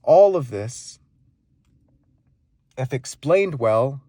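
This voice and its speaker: A man teaching speaking skills, demonstrating volume, pitch and pauses as he explains them. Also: animated, dark tone, no room sound, clean studio sound. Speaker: speaking coach. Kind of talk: instructional monologue with live demonstrations.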